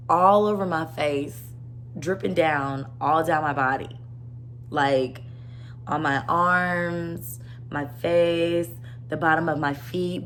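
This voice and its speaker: A woman's voice: mid-range voice, slight background noise. A young woman at home, telling a personal story in a rambling, earnest way full of "like". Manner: rambling, earnest, heavy use of "like". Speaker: vlogger. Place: her own home.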